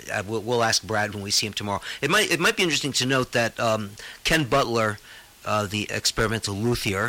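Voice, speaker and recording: A man's voice: fairly low pitch, bright, forceful tone, rough recording. A man hosting a casual radio chat, talking in a loose, rambling way with many fillers. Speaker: radio host.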